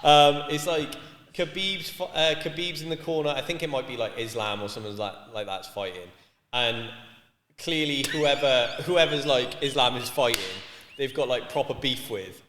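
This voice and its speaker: Man, from Wales, podcast co-host, casual banter, bright tone, echoey room with long reverb. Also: mid-range voice, normal speed, a little hiss or hum. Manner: sweary, animated storytelling.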